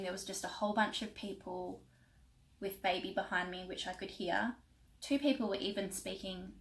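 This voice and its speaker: A woman's voice: medium pitch, rough recording. Emotional young woman telling a story. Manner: emotional, rambling with many fillers. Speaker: vlogger. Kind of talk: casual storytelling.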